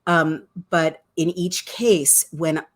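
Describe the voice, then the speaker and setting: A woman with a low-pitched voice hosts a live stream and puts viewers' questions to her guest. She talks in an earnest way and uses pet names for him. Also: steady tone, slow pace. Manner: affectionate, calls her guest darling and sweetheart. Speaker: host. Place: home, on a computer.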